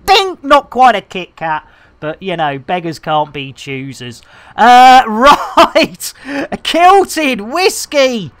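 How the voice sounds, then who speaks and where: Lady streamer, playful banter, unhurried talk, dry close mic. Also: on the high side, sing-song, no echo. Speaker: live streamer. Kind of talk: casual live-stream commentary.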